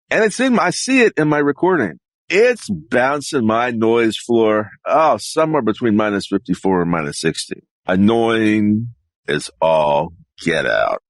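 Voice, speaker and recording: Man rehearsing voices, wildly swinging pitch, slightly high, dry studio mic. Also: no echo. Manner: animated, jumps between voices, repeats lines. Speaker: voice actor practicing. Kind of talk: casual solo voice practice. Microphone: studio microphone up close.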